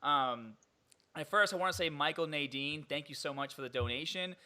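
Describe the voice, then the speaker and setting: A young man hosting a podcast, talking in an animated, incredulous way and laughing often. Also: a little high, moderate pace. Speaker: podcast host. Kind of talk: casual podcast chat.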